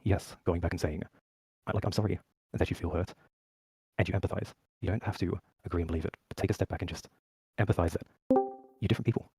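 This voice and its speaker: Man, calm mediator on voice call; low, husky, fast but steady. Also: no room sound, poor audio. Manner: calm, measured, counseling. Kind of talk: voice-chat discussion.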